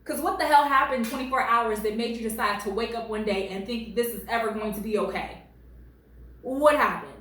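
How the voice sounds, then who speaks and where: A woman's voice: fairly high pitch, far from the mic. Sassy woman talking in an echoey room. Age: late 20s. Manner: animated, sassy, laughs a lot. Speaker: reddit story reader and commentator. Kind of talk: casual commentary vlog. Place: at home.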